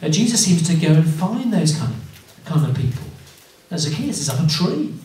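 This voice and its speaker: A man's voice: on the high side, very animated, moderate pace, a little mellow. A man with an English accent giving an earnest evangelistic talk to students, often asking his listeners questions and stumbling over repeated words. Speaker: student mission speaker. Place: university lunchtime event room. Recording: echoey room, mic far off.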